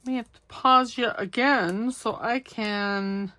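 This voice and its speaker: A woman's voice: fairly high pitch, fairly even intonation, slow pace, bright, forceful tone, no room sound. A middle-aged woman hosting a crafting video, chatting casually and poking fun at herself as she cuts, sews and inks. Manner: chatty, self-deprecating, talks to herself while working. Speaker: craft channel host. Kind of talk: casual crafting vlog talk.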